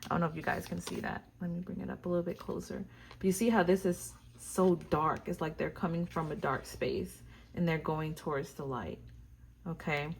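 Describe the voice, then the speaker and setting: A woman with a fairly low voice gives a casual tarot reading to her viewers. She gushes over each card and talks straight to the camera audience. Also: steady tone, normal speed, vocal fry, a little hiss or hum. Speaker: tarot reader.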